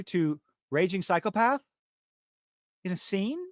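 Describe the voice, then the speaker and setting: A man hosts a live-stream podcast in a fed-up, profane rant. His voice sits a little high, and the sound is dry and close with no room echo. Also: expressive, slow pace. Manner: profane, exasperated ranting. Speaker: podcast host.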